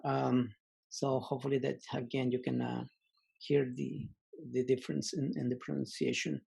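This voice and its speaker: A man teaching a language lesson online, slowly repeating example words and pausing with many fillers. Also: medium pitch, gravelly, darkish tone, breathy edge.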